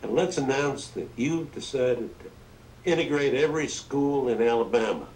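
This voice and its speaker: A man's voice: mid-range voice, normal speed, a little hiss or hum, voice pushed up, lightly acted, poor audio. A man imitating a folksy older Southern president who is wheedling and emphatic. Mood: coaxing. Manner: wheedling, emphatic, rising to excited.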